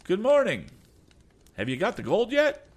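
A man's voice: a little high, very animated, normal speed, a bit bright, pitched above the performer's own voice. A man voicing a scheming rival agent who taunts with a mocking tone. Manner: sneering, taunting.

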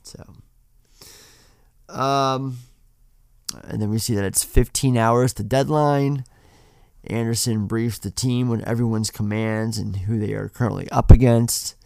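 A man's voice: mid-range voice, fairly even intonation, measured pace, vocal fry, long pauses, a little mellow, clear, resonant tone, dry recording, studio quality. A man co-hosting a podcast, casually retelling a film scene by scene with plenty of swearing. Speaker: podcast co-host. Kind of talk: casual film-review chat.

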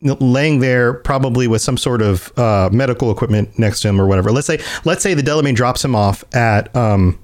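A man's voice: medium pitch, brisk, hardly any pauses. A man co-hosting a casual podcast, talking in a rambling way with many restarts, laughing as he acts out scenes. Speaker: podcast co-host. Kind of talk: casual chat.

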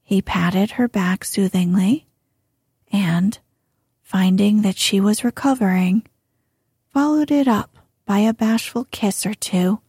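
Woman reading an audiobook, slow and gentle, mellow husky voice, dry close sound. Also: mid-range voice, no room sound. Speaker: audiobook narrator. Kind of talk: scripted narration.

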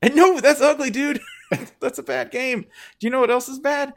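A man's voice: extremely high pitch, normal speed, gravelly, fairly bright tone. A man hosting a sports podcast in a casual, sarcastic, joking manner.

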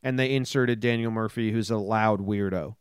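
A man with a smooth, clean voice talks sports with a friend, blunt and quick, swearing freely. The sound is dry and close to the mic, with no room around it. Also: fairly low pitch, steady tone, no echo. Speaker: podcast co-host. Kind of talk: casual sports talk.

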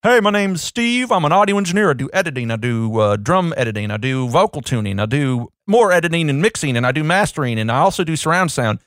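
A man's voice: fairly high pitch, lively intonation, fast, hardly any pauses, fairly bright tone, dry recording, studio quality, voice pushed up. A man putting on the voice of an eager audio engineer who lists every service he offers in one long run.

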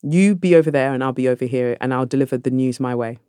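A woman guest on a podcast, telling stories in a lively conversational way and acting out the people in them. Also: a bass voice, fast, clean tone, dry recording, studio quality. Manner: animated, acts out voices in her anecdotes. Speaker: podcast guest, actress and author.

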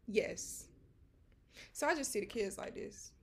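A woman co-hosting a casual chat podcast, telling stories in an animated way with quoted dialogue, slang fillers and asides to listeners. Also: medium pitch, measured pace, breathy edge. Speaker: podcast co-host.

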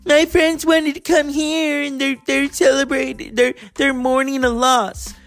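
A man's voice: very high voice, little pitch movement, unhurried, fairly bright tone, faint music behind, voice pushed up, heavily acted. A man putting on a defensive young woman friend who stammers out excuses.

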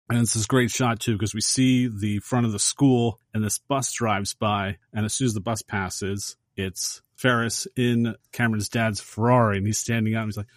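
A man co-hosting a casual movie podcast, retelling a film scene step by step in a lively, storytelling way. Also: fairly low pitch, moderate pace, few pauses, no room sound, clean studio sound. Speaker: podcast co-host.

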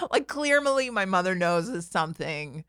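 A woman's voice: on the low side, unhurried, clear, resonant tone, no echo, clean studio sound. A woman in her forties casually telling a funny personal story, full of fillers, acting out the voices of the people in it. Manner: animated, lots of "like", acts out voices. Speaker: podcast guest telling a story.

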